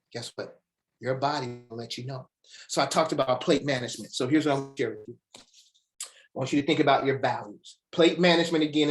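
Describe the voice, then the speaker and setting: A man giving a motivational webinar talk, animated and direct with the audience, slowing to stress single words with dramatic pauses. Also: medium pitch. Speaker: motivational speaker.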